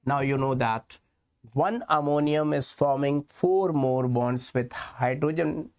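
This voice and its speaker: A man with an Indian English accent teaching a chemistry lecture, explaining slowly and repeating key points while calling his students kids. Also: mid-range voice, steady tone, a little mellow. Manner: slow, repetitive explaining, addressing students as kids. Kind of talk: exam-prep lecture.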